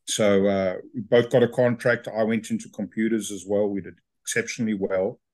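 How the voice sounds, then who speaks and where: Guest: South African man in his fifties, low voice, relaxed storyteller. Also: brisk. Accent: South African with Australian tones. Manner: chatty, self-amused, with hesitations. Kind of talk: casual interview storytelling.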